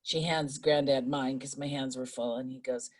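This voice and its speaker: A woman in her fifties tells a story on a video call in a low, chatty voice. She acts out what others said as she goes. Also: steady tone, moderate pace. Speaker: book study group member.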